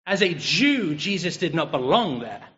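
English guy preaching, chatty and jokey, high voice, long hall echo. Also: normal speed. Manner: lively, joking and chatty. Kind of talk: conversational sermon. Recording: dull, reverberant hall sound.

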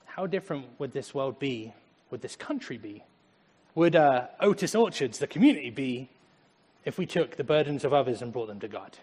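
A young man preaching a lively sermon in a church, laughing often as he talks. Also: medium pitch, normal speed, husky, long reverb tail. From Germany. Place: church sanctuary.

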